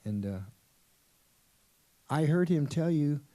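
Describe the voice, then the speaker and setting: A man voicing Jesus as a calm, patient, reassuring figure in a sermon story. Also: on the high side, slow pace, dry recording, pitched above the performer's own voice.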